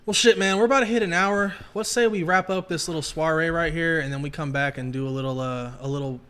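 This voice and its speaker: A man's voice: on the high side, quick pace, a bit bright, clear, resonant tone. A man hosting a podcast, chatting casually with lots of swearing and joking. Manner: laid-back, heavy swearing, joking. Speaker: podcast host.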